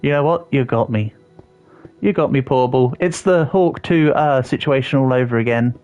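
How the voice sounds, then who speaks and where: In a casual gaming stream, a young man with a mid-range, somewhat mellow voice talks at normal speed while playing a building game. He jokes about himself when answering viewers; the audio is slightly dull, with faint music underneath.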